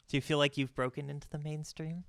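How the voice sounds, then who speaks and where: A woman's voice: deep voice, flat delivery, brisk, vocal fry, no room sound. A woman hosting a casual livestream interview, teasing her guest and laughing often. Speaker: host of a monthly composition masterclass.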